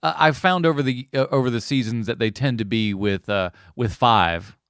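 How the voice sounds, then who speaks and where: A man's voice: medium pitch, clear, resonant tone, no room sound. Joking man on a dry-sounding podcast. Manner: animated, quick to joke and do mock voices. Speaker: podcast co-host. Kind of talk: casual chat.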